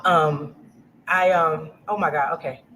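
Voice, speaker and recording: A middle-aged woman from Louisiana, a business-owner guest telling her story in a casual interview, animated, acting out quotes and laughing often. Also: low voice, measured pace. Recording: noisy livestream audio.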